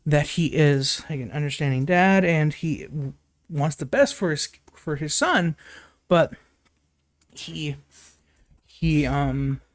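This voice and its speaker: This casual movie recap comes from a young man whose voice is a bit mellow, recorded with no room sound. As a reviewer, he wanders through the plot with frequent fillers and false starts, sometimes laughing or swearing, and his pitch leaps when he quotes the characters.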